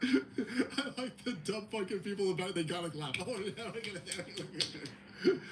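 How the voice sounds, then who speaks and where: A man's voice: sits high, measured pace, heavy background noise. A male host doing a mocking, profane comedic rant on a livestream. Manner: mocking, heavy swearing, animated.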